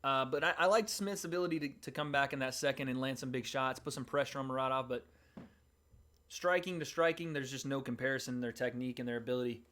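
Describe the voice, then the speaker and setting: A man hosting a livestream, giving casual, excited play-by-play and reactions to a fight. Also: medium pitch, fast. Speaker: livestream host. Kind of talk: live fight commentary and reaction.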